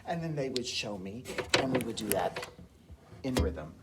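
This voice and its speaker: A woman's voice: rumbling low, lively intonation, moderate pace, heavy background noise. A woman music teacher leading a eurhythmics class, encouraging her students and chanting counts and syllables. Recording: distant mic with piano playing.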